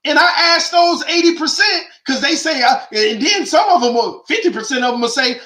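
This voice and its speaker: A man hosting a call-in sports show delivers an animated, opinionated monologue that's emphatic, slangy, and full of rhetorical questions. His voice is very high-pitched and sharp, animated at normal speed with few pauses, in an echoey room.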